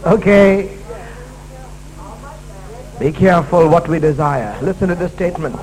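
A man's voice: a little high, normal speed, long pauses, darkish tone, rough recording. A man preaching a sermon at a church service, emphatic and repetitive, restating his key lines.

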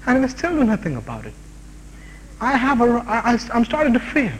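A man teaching a sermon on a Bible passage, animated and rising to shouted exhortations. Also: extremely high pitch, quick pace, husky. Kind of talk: expository sermon. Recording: long hall reverb.

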